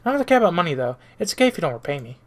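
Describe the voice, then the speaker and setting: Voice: medium pitch, very animated, very fast, natural voice. A streamer voicing a cheerful, kind young female android girl while reading a visual novel aloud, eager and sweet. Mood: gentle.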